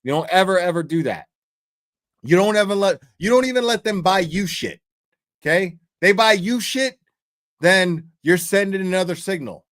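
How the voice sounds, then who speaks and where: A man's voice: high-pitched, expressive, moderate pace, a bit bright, dry recording, clean studio sound. Crude, emphatic man ranting. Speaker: commentary host. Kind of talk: profane rant commentary.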